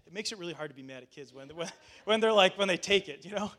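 A man's voice: high-pitched, lively intonation, quick pace, bright, forceful tone. A male pastor telling a personal story in a casual sermon, chatty with fillers and restarts, acting out what people said.

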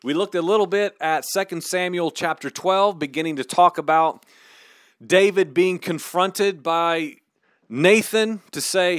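Casual, slightly high-voiced male podcast teacher. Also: a little slow, a bit bright, clear, resonant tone, dry recording, studio quality. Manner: casual, conversational preaching with slangy asides. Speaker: podcast host. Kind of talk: devotional Bible teaching podcast.

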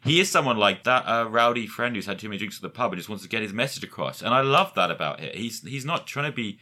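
A man with a low pitch and a bright, forceful tone chats casually about music. He sounds enthusiastic and reflective. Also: lively intonation, fast talker. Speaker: podcast co-host.

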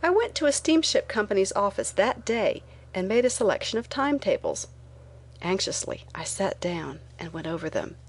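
A woman reading a first-person memoir aloud as an audiobook narrator, in a clear storytelling manner. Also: medium pitch, very animated, normal speed.

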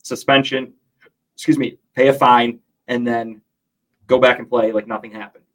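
A man's voice: medium pitch, flat delivery, normal speed, rough recording. A man hosting a casual sports talk podcast, opinionated and swearing freely.

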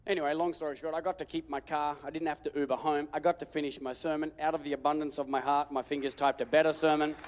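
A man preaching a sermon, telling a story with lively jokes and acted-out voices. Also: on the high side, fast, hardly any pauses. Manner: animated, joking storytelling with acted-out quotes. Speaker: pastor. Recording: long hall reverb.

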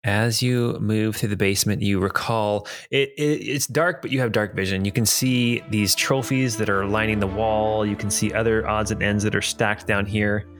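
A man's voice: fairly low pitch, fairly even intonation, normal speed, hardly any pauses, dry recording. A man narrating a tabletop game as dungeon master, rambling with chuckling asides.

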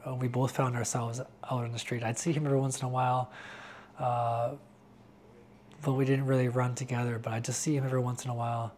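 A man giving a candid interview about his faith, talking earnestly and haltingly with frequent restarts. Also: mid-range voice, little pitch movement, a little mellow, slight background noise. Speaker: interviewee sharing a personal faith testimony.

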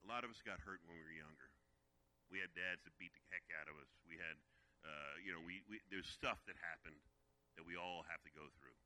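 A man's voice: deep voice, fairly quick, bright, forceful tone, poor audio. A man speaking as guest speaker at a faith weekend, telling a personal story with emotion and often repeating words as he goes. He sounds tearful at times. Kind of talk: conference teaching talk.

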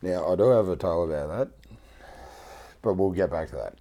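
A man's voice: deep voice, a little fast, dark tone. A young man telling a rowdy story in casual chat, swearing often and laughing as he goes. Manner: laid-back, swears a lot, laughs through his story.

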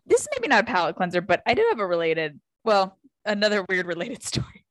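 A young woman co-hosting a casual podcast, telling an anecdote in an animated way, swearing freely and acting out the quotes. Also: mid-range voice, fast talker, dry recording. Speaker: podcast co-host. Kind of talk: casual conversational storytelling.

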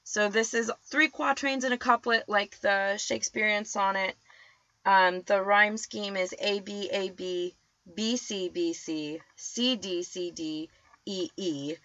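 Bright-voiced woman chatting casually. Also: mid-range voice, fairly even intonation, slow, no echo, muffled recording. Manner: chatty, laughs often, loose fillers. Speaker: podcast co-host. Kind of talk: casual explanatory chat.

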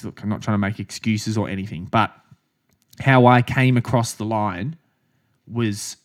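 A man's voice: on the low side, fairly even intonation, measured pace. An Australian man co-hosting a running podcast, telling stories in casual chat, swearing freely and laughing as he goes. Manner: chatty storytelling, swears freely, laughs as he talks. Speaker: podcast co-host, runner.

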